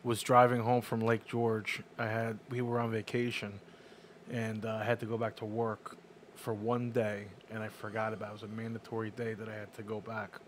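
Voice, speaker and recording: A man's voice: on the low side, completely flat delivery, moderate pace, a little hiss or hum. A man co-hosting a casual chat, telling a story in an easygoing, rambling way. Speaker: podcast co-host.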